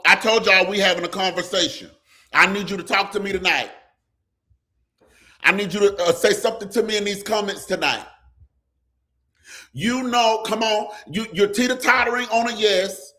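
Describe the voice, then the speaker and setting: A man's voice: high voice, normal speed, bright, forceful tone. A man preaching on a live stream, speaking straight to viewers, with constant "come on" calls and lines that slip into song. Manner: call-and-response preaching, repeats "come on", slips into sung lines. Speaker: pastor hosting a live stream. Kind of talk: preaching, talking to viewers in the comments.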